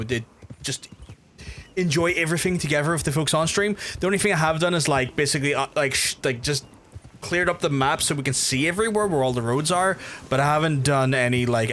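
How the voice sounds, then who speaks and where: A man from Northern Ireland with a softened Belfast accent, chatting casually and swearing freely through his own game stream, restarting his sentences often. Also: on the high side, a little hiss or hum. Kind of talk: casual gameplay commentary.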